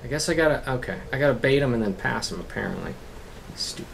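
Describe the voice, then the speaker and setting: A gaming host talks through a let's-play, cursing and yelling at the game in frustration. The voice sits at a middling pitch. Steady background noise runs under the recording. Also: fast talker, gravelly.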